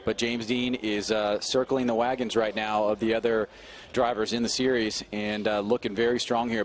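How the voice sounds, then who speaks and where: A man giving steady color commentary on a drift competition, explaining runs with small hesitations. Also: medium pitch, moderate pace. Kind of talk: live motorsport analysis.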